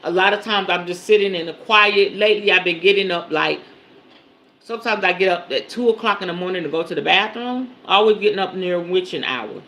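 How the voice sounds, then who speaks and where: A woman leads a spiritual teaching on a livestream in a bright, forward voice. She speaks casually and directly to her audience, often checking in and repeating her points for emphasis. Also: lowish voice, fairly quick. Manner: emphatic, repeats key phrases.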